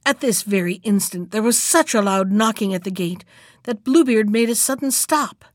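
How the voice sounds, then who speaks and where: A woman narrating a classic fairy tale as an audiobook, reading in a measured, even way. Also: medium pitch, no room sound, clean studio sound.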